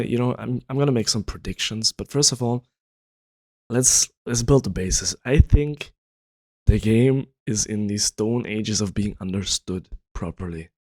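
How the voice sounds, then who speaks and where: A man's voice: medium pitch, darkish tone, no echo. A man hosting his own video, explaining his views in a casual, rambling way with lots of fillers, his voice sounding worn and tired. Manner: rambling, frequent "you know" fillers. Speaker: video host.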